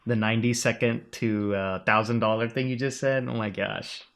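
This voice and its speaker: A man's voice: mid-range voice, fairly even intonation, normal speed, gravelly, a bit bright. A man hosting a podcast, chatting casually and asking questions with a few ums. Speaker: podcast host. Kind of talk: casual interview chat.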